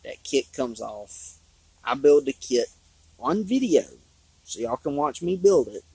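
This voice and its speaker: Hoarse, gravelly man rambling. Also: medium pitch, sing-song, unhurried, darkish tone, no echo, poor audio. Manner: rambling, drawling, with restarts. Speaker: RC hobby vlogger. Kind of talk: casual trailside chat. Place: outdoors on a trail.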